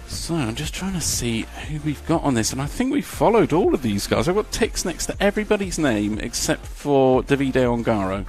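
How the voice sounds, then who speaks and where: A man's voice: mid-range voice, very animated, moderate pace, few pauses, darkish tone, faint music behind. A man commentating a live model car race, chatty and jokey, reading out lap times.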